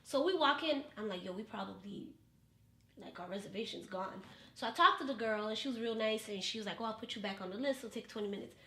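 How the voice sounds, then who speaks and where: A woman's voice: fairly high pitch, fast talker, bright, forceful tone, roomy sound. A woman telling a dating story on a podcast, profane and dramatic, acting out the voices of the people in it. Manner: profane, dramatic, acts out quotes. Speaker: podcast guest. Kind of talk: animated storytelling.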